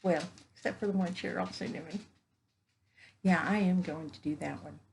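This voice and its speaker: A woman's voice: medium pitch, normal speed, creaky, a little mellow, slight background noise. A woman, chatting casually while unboxing crafts at home, gushing and exclaiming over each find. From Texas. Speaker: vlogger. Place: home indoors, evening.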